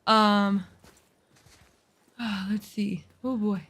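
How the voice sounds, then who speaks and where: A woman's voice: medium pitch, level tone, very slow, fairly bright tone. A woman streaming a video game, chatting casually, cursing at enemies and teasing herself about her skills. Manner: chatty, swears at enemies, self-mocking. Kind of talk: casual live-stream gameplay chat.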